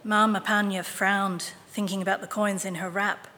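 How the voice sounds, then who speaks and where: A woman reading scripture and a picture book aloud in a clear, measured manner. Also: medium pitch, level tone, pushed and bright, big-room sound. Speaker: reader.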